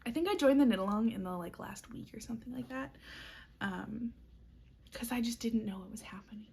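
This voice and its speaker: A young woman who knits chats casually to camera as a vlogger, upbeat and talkative with plenty of ums and little laughs, and she has the hiccups. Her voice is on the high side, a little fast, creaky and slightly mellow, with a bit of hiss or hum in the audio.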